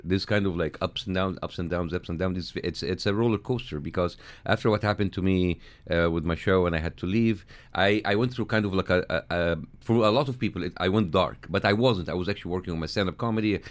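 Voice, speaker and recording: A man's voice: sits low, fast, few pauses. Egyptian man telling self-mocking stories. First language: Arabic. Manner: self-mocking, animated storyteller with frequent restarts. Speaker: comedian guest. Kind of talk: radio studio interview. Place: radio studio.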